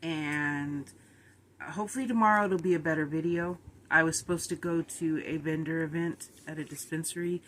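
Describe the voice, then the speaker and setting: A woman's voice: deep voice, fairly even intonation, moderate pace, a little hiss or hum. A middle-aged woman, chatting casually and rambling a little on her vlog while sounding tired and run down. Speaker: vlogger.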